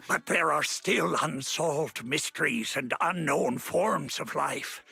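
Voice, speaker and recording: An actor voicing an old, pirate-like grandpa with a raspy, theatrical showman's delivery in a video game. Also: a little high, lively intonation, takes it slowly, pushed and bright, no echo, full character voice. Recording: game audio with faint music.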